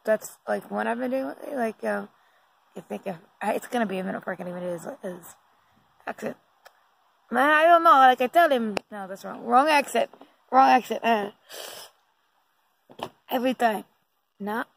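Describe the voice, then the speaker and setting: A woman's voice: on the high side, normal speed, vocal fry, long pauses, a little hiss or hum, low-quality recording. A woman talking casually to her phone at night, rambling and giggling with lots of fillers. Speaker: vlogger. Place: indoors at night.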